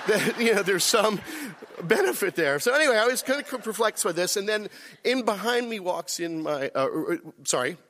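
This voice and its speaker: High-voiced man telling a funny story. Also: a bit bright. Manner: self-deprecating, laughing through the story. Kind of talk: personal story told to an audience.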